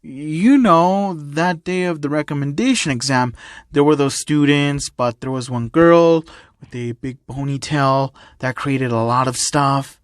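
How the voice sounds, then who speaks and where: An eager, naive teenage cat boy, read aloud by a man, full of childlike wonder and halting "um"s. The voice sits a little high and the recording is dry and close. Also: no room sound, natural voice. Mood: shy, confused.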